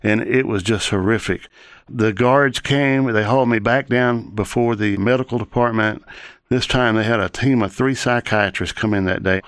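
A man's voice: on the low side, moderate pace, a bit bright, clean tone, no room sound. A man giving an earnest personal testimony in an interview, telling his story in long chained sentences.

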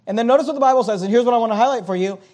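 A man's voice: very high voice, racing, darkish tone. A pastor preaching a sermon. He reads scripture aloud and earnestly explains it to his congregation.

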